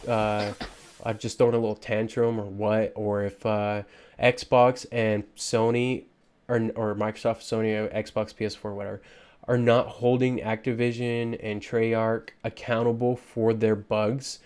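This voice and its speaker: A man's voice: lowish voice, flat delivery, unhurried, a little mellow, smooth. A man giving frustrated, ranting commentary over gameplay footage, with lots of fillers and restarts. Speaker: gaming YouTuber.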